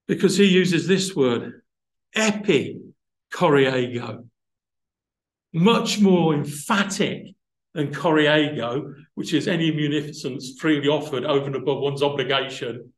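A man's voice: fairly high pitch, moderate pace, reverberant, rough recording. A man preaching a sermon, explaining word roots thoughtfully and building to emphatic passages.

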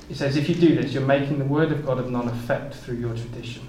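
A fast-talking preacher with a mellow, mid-range voice and fairly even intonation barely pauses as he expounds King James scripture he reads aloud. He stumbles over repeated words while explaining it, and the recording has an echoey room with faint ambient noise.

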